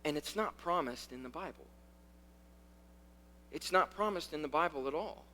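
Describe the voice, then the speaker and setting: Youth pastor guy preaching, high bright voice, gets loud and fast then drops way down quiet, says stuff twice for punch. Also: animated, a little hiss or hum. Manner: repeats key lines for emphasis. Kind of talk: sermon.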